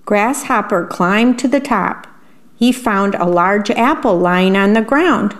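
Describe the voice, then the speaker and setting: A woman, a volunteer radio reader, gently reading a bedtime story aloud. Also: mid-range voice. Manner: slow, gentle reading with lively voices.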